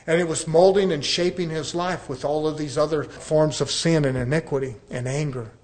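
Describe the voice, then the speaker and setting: In a fairly high yet darkish voice, steady in tone and at normal speed, a male pastor preaches earnestly. He calls his congregation brethren and tells conversational stories, acting out the dialogue.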